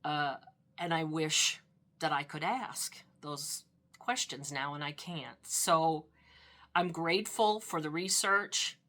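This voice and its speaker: An older woman speaking softly and heartfelt in a documentary interview, a little teary as she recalls family memories. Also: deep voice, takes it slowly. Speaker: interviewee, niece of a veteran. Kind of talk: documentary interview, reflective recollection.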